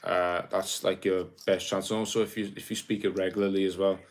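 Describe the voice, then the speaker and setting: Low-voiced South Welsh man streaming live. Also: fairly quick, a little hiss or hum. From Wales. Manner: relaxed, rambling, reads viewer comments aloud. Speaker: livestream host. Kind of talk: casual livestream chat reading comments.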